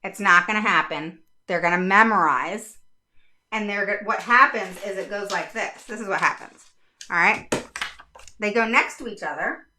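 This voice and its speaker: Animated woman advocate, bright voice. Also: mid-range voice, normal speed, slight background noise. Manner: animated, repeats "all right?" often. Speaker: special education advocate. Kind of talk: casual instructional talk to parents.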